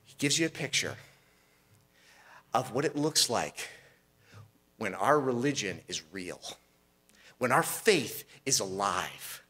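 A man's voice: lowish voice, very animated, takes it slowly, pauses often, sharp tone, husky. A man preaching a sermon as pastor, asking rhetorical questions and restarting phrases as he goes.

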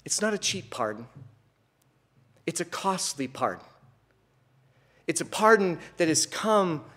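A high-pitched man preaching a sermon earnestly tells an illustrative story. He then builds up to emphatic declarations that he repeats.

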